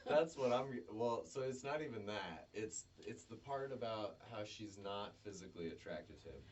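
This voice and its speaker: A man's voice: lowish voice, expressive, normal speed, far from the mic, a little hiss or hum. A man with a Southern US accent chatting casually as co-host, joking and rambling loosely. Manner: joking, laughs easily, loose rambling delivery. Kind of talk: casual chat.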